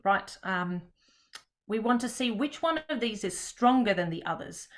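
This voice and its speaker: A woman presents a teaching workshop on a video call. Her voice sits at an ordinary middle pitch, and she speaks in a loose, chatty way with many pauses. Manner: relaxed, chatty, with frequent pauses. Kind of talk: online webinar presentation.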